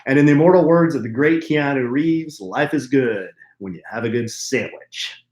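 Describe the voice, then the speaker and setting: A man's voice: medium pitch, moderate pace, darkish tone. A middle-aged man co-hosting a podcast, chatting in a playful, jokey way. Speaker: podcast co-host. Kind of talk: casual chat. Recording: roomy echo.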